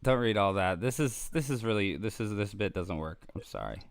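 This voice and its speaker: Teasing talk-show host, lively pitch. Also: male voice, a little fast, gravelly, a little hiss or hum. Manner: teasing, laughing often. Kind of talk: casual chat.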